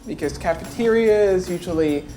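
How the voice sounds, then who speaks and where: A man with an American accent, co-hosting and answering viewer questions about English in a relaxed, easygoing way. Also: high voice, fairly quick. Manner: relaxed, easygoing explanations with frequent laughs. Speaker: English teacher, co-host. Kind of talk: casual teaching chat answering viewer questions. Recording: echoey studio with music behind.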